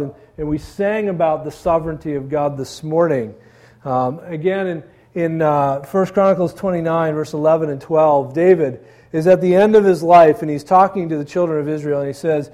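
A male pastor preaching an earnest, conversational sermon, often pausing with fillers. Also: a little high, dark tone.

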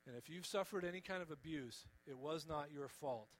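Earnest, gentle male preacher. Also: on the high side, brisk, low-quality recording. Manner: earnest, gentle and pleading, often dropping soft on key words. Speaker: pastor. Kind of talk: sermon.

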